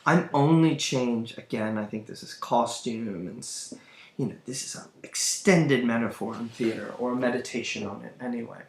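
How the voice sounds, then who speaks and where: A man's voice: medium pitch, steady tone, normal speed. A man lecturing on a play, thinking aloud as he goes, searching for words and restarting his sentences. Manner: thoughtful, searching, with fillers and restarts. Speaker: literature lecturer. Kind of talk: recorded lecture. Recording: roomy echo.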